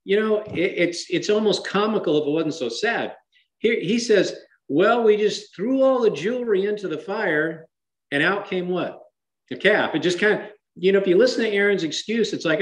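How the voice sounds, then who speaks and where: A man's voice: high voice, lively intonation, normal speed, echoey room, poor audio. A man teaching a Bible study in a conversational sermon style, often asking his listeners rhetorical questions and shifting emphasis dramatically.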